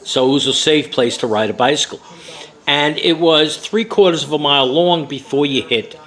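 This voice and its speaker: A man's voice: on the high side, moderate pace, fairly bright tone, poor audio. An older man from New York, recounting a story from his memoir with many fillers and a rambling, conversational way of talking. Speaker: memoir author.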